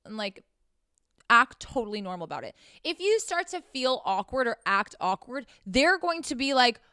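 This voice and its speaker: A woman's voice: on the high side, very animated, normal speed, bright, forceful tone, clean tone, no room sound, studio quality. Brash, profane young woman giving advice. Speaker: podcast host giving sex advice. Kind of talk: blunt advice monologue.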